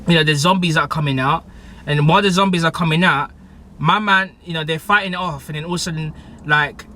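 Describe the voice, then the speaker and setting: A young man recapping a TV episode in a casual, excitable way, full of slang, fillers and restarts. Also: a little high, fast, slight background noise. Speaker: TV show reviewer.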